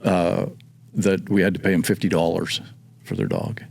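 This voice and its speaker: A man's voice: low voice, sing-song, normal speed, gravelly, a little mellow, no echo. A man in his sixties, a podcast guest, telling a childhood story in a rambling way and correcting his own memory as he goes. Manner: rambling, self-correcting recollection. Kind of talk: casual storytelling.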